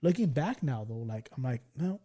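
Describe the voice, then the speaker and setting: A man in his forties hosting a podcast, telling stories in casual chat, swearing freely and loudly acting out what others said. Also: a little high, brisk. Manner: animated storyteller, swears freely, acts out quoted lines loudly. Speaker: podcast host.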